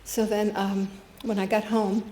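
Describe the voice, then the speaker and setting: A woman's voice: mid-range voice, flat delivery, a little slow, dark tone, slight background noise. Older woman telling a story, echoey room. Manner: earnest, storytelling with quoted dialogue. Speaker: guest speaker. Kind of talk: personal testimony talk. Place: spiritual center meeting room. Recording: echoey room with faint ambience.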